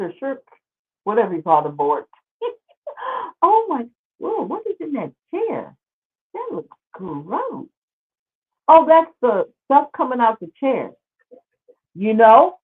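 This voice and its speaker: A woman hosting a show, giving casual, sarcastic commentary as she exclaims over pictures. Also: medium pitch. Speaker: show host. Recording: tinny phone-like line.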